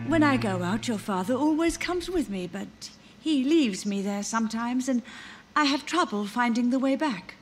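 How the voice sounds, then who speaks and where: A woman playing an elderly mother in a video game, soft-spoken, wistful and drifting in her thoughts. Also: a little high, lively intonation, moderate pace, lightly acted. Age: older. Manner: soft, wandering, wistful delivery. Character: elderly grieving mother, gentle but confused. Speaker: game character. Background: game music.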